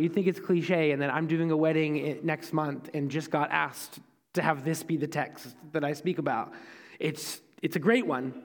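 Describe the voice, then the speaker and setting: A man's voice: a little high, in a large hall. A young man preaching a sermon as pastor, in a conversational storytelling way with self-deprecating asides.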